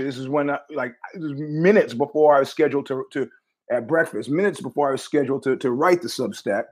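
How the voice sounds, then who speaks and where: A man hosting his own show, telling rambling stories in a wry, profane monologue full of restarts. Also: fairly high pitch. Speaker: podcast host.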